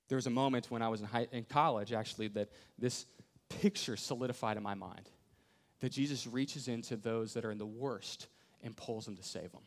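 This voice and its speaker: A young adult man, a pastor, preaches a sermon at a slightly fast pace in a medium-pitched voice. He's an animated storyteller who acts out quoted voices and drops to near whispers.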